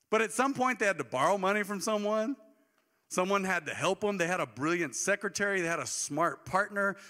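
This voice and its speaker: A man in his forties preaches a sermon from the pulpit, mixing jokes and casual asides with sudden bursts of emphasis. His voice is bright and sits a bit high. The sound carries the long echo of a church hall. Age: 40s. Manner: conversational, joking, with bursts of emphasis. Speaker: pastor.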